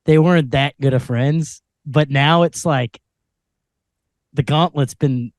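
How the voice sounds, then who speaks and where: A man's voice: fairly high pitch, slow pace, dry recording, clean studio sound. A man co-hosting a comedy podcast, chatting casually in a laid-back way. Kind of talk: casual chat. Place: podcast studio.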